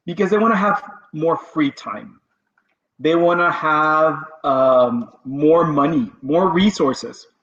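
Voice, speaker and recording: Slow-talking high-voiced man in a roomy room. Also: a bit bright. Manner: chatty and conversational, with repetitions. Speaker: podcast host. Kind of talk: casual motivational business talk. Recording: roomy, dull lo-fi sound.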